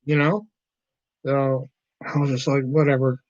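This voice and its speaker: Cursing freely, a livestream host rants and impersonates his coworkers during a casual chat. He speaks at medium pitch with little pitch movement, a measured pace, and a slightly mellow tone, recorded dry, dull and lo-fi with no room sound.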